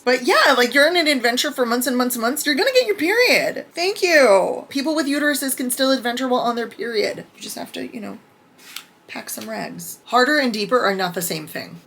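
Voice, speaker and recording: A woman giving a casual book review vlog, candid and excitable, reading out her notes with bursts of swearing. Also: mid-range voice.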